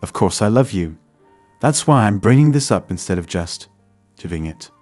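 A man's voice: on the low side, animated, moderate pace, a little mellow, no room sound, soft background music. A man voicing a restless young wife who is earnestly and defensively arguing for an open marriage.

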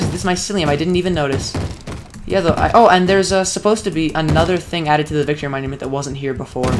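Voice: mid-range voice, background noise. A young adult talking through a solo video game session, often exasperated and calling themselves an idiot. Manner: self-critical, exasperated talk to self. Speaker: let's play creator. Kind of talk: solo gameplay commentary.

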